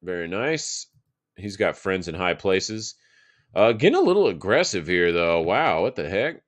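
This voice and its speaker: A man's voice: low-pitched, big pitch swings, measured pace, no echo. A man in his thirties from Texas hosting a live market show, chatting casually and thinking aloud over charts, loose and profane with plenty of fillers. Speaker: market analysis host.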